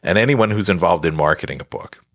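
A man with a very low, deep voice explains his advice as a guest on a podcast, emphatic and teasing as he scolds. The sound is dry and close, with no room around it. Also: fast, no echo. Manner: emphatic, lecturing with playful scolding. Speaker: author guest.

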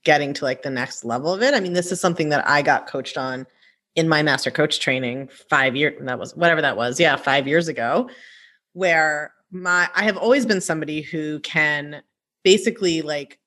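A woman with a slightly low voice hosts a casual podcast conversation. She talks in an animated way and keeps checking in with her listener. Her delivery stays conversational and quick. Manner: animated, frequent "right?" tags. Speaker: podcast host and coach.

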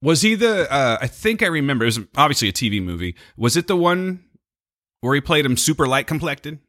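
A man's voice: fairly high pitch, big pitch swings, brisk, fairly bright tone. An older man co-hosting a casual chat, laid-back and joking.

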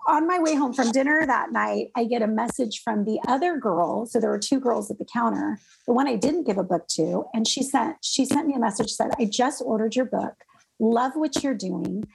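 A woman's voice: a little high, brisk, creaky, few pauses, breathy edge, rough recording. A woman, a devotional author, telling a story casually and animatedly, acting out the voices in it. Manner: animated, laughing, acts out voices in stories.

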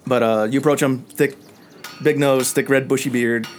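A man's voice: medium pitch, fairly even intonation, moderate pace. A man runs a tabletop game as game master, describing scenes with plenty of filler words. He laughs easily between lines. Faint background noise sits under his voice. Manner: laughs often, many fillers.

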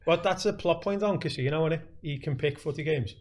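A man's voice: a little high, a little fast. Young scouse guy rambling through stories, laughs a lot, casual podcast chat. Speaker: podcast host.

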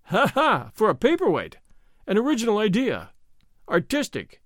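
A man's voice: sits high, wildly swooping pitch, normal speed, no echo, studio quality. A man putting on a strident, giggling old merchant. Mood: gleeful mocking. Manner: giggling, muttering half to himself. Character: odd little old male curio merchant, giggling, sly. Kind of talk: audiobook character voice.

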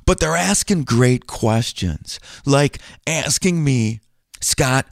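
Lively, chatty male podcast host. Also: mid-range voice, slow, vocal fry, no room sound, clean studio sound. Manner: chatty, self-deprecating, animated. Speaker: podcast host and financial planner. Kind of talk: casual podcast talk.

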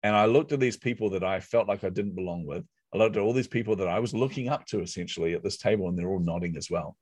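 Here a middle-aged man, a conversation guest, sits low in pitch and talks at a quick pace with a breathy edge, with no echo. He tells his story animatedly, poking fun at himself and performing his inner voice.

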